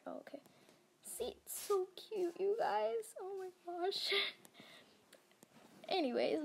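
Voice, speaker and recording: A young woman giving casual, giggly gameplay commentary, gushing and stumbling over words. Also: high voice. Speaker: gaming vlogger.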